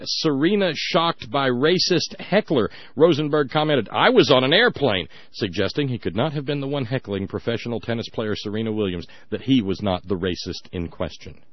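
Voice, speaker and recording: A man's voice: medium pitch, no echo, dull audio. A man hosting a radio talk show, giving sarcastic, emphatic commentary with frequent restarts.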